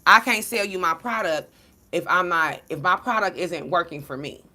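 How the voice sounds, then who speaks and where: Blunt, profane woman with a forceful voice. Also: on the low side, moderate pace. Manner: blunt, profane, slang-heavy and animated; storytelling, addressing followers as y'all. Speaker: tarot card reader. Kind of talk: casual direct-to-camera monologue.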